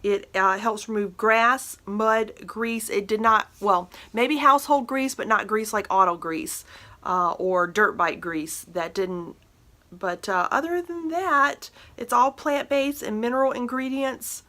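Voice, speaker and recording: Middle-aged female vlogger, casual reviewer, bright tone, frank and talky. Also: fairly high pitch, a little slow. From northern Minnesota. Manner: chatty, frank, with many fillers and restarts. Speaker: beauty and household product vlogger.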